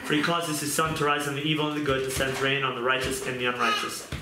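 A man preaching a fervent sermon, moving from pleading prayer to quieter scripture reading. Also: medium pitch, level tone, fast talker, over music. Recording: echoey room with noise.

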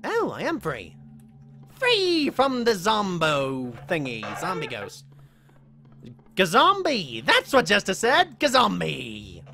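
A woman streaming a horror game live, chatting with viewers between playful in-character asides and breaking into excited yelps during chases. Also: medium pitch, takes it slowly. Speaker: gaming streamer. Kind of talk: live game commentary with chat.

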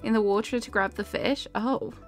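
A woman's voice: medium pitch, normal speed, faint music behind. A young woman chatting casually on a live game stream, giggling and greeting viewers by name. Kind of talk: casual live-stream chat while gaming.

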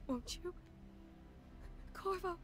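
A dying empress, high and slow. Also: female voice, exaggerated voice. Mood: pleading. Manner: faint, urgent pleading. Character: dying empress, gentle and pleading. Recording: game audio under music.

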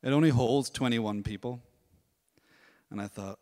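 A man's voice: mid-range voice, a little slow. Man telling a story in a reverberant church. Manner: storytelling, animated, acts out voices. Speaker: worship leader. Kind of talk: testimony at a church service. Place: church hall.

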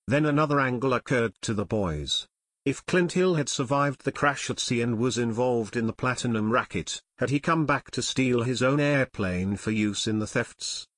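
An audiobook narrator reads a novel aloud in a scripted, measured and steady storytelling style. His voice is middle-pitched. The recording is close and dry, with no room sound.

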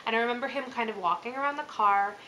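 A woman's voice: a little high, fast, pushed and bright, slight background noise, low-quality recording. A woman in her thirties hosting her channel, telling a spooky personal story in a casual, chatty way, full of fillers and little laughs. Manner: chatty, filler-heavy, laughs as she talks. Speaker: channel host.

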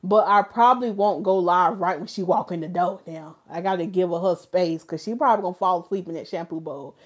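A woman's voice: lowish voice, a little fast. Woman livestream host, playful and chatty, jokes with her viewers, casual hairstylist talk. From North Carolina, USA. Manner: animated, playful, joking with viewers.

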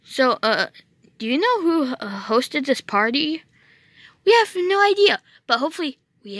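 A woman's voice: high voice, sing-song, unhurried, a bit bright, no room sound, clean studio sound. A woman telling a playful role-play story in a chatty, sighing way. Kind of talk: toy role-play narration.

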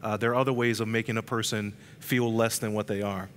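A man from Charles City County, speaking in a reflective, gentle way during a conversation at church. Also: fairly low pitch, flat delivery, a little fast, slight background noise. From Charles City County, Virginia.

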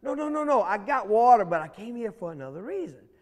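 A man voicing a small, clever female rabbit trickster in a squeaky, startled little voice. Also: sing-song, fast, big-room sound. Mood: scheming.

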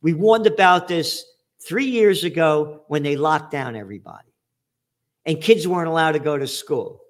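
With a fairly high pitch, lively intonation and a moderate pace, a trends forecaster runs his show by reading headlines aloud. Each one gets a profane, sarcastic, shouting takedown.

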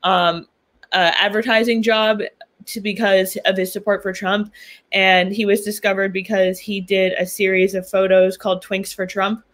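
Young woman from new york, bright crisp voice, casual interview chat, frequent ums and likes, easy laughter. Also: medium pitch, little pitch movement, normal speed. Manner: chatty, laughs often, many ums and likes. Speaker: podcast guest, political commentator.

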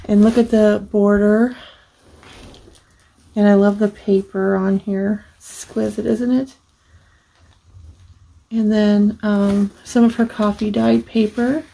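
Her warm, medium-pitched voice barely moves in pitch, drifting slowly with vocal fry and long pauses. She's a crafting host casually looking through a handmade journal, full of gushing praise and fillers. The recording is low quality.

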